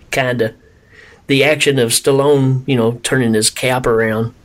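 A man's voice: medium pitch, steady tone, a little slow. A man co-hosting a movie podcast, jokey and often laughing in casual chat. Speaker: podcast co-host.

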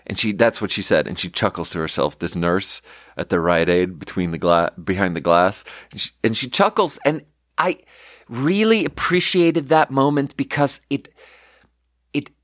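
Podcast host, young man, low voice, loose and candid, a bit profane, dry close mic. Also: normal speed, a bit bright, dry recording. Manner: candid, swearing, storytelling with quoted voices. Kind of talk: casual rambling monologue.

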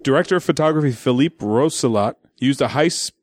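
A man's voice: mid-range voice, slight background noise. A man hosting a casual podcast, running a quiz game and reading out movie trivia. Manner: fast, reads trivia and game rules.

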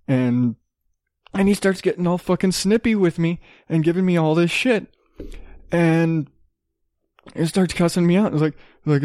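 A young man tells a story on his own show, cursing often and ranting as he plays out both sides of a quarrel. His voice sits a little high and the sound is dry and close. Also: moderate pace, pauses often, darkish tone, no room sound. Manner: profane, ranting, acts out both sides of arguments. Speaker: podcast host. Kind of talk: profane storytelling rant.

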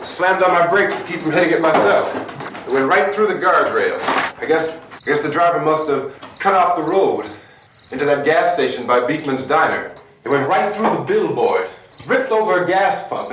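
A man plays a shaken but steady man trapped under siege in an old horror film, his halting account dropping low and quiet. His voice swings with lively pitch. It sounds roomy and distant, with loud hiss behind it. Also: close to an everyday voice. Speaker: survivor recounting an attack.

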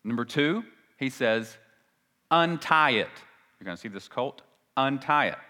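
A man preaching a sermon as a pastor, emphatic, swinging between loud and hushed and repeating phrases for stress. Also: mid-range voice, moderate pace. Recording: long reverb of a large hall.

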